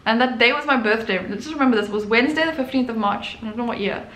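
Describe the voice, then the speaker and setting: Brief: animated woman host, fairly high voice, echoey room, telling a story casually. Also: fast, a little hiss or hum. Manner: animated, acts out quotes. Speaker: artist and channel host.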